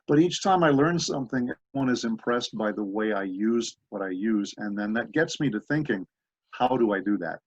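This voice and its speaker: A man's voice: mid-range voice, expressive, moderate pace, few pauses, husky, no room sound. A man voice actor in an interview, telling rambling anecdotes full of asides. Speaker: voice actor guest. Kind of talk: interview conversation. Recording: dull dry lo-fi audio.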